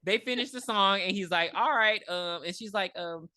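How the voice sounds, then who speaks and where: A woman's voice: mid-range voice, moderate pace. A woman co-hosting a podcast, casually retelling a movie's plot with lots of swearing and acted-out lines. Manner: animated retelling, acting out characters, swearing. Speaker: podcast co-host. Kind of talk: casual movie review chat.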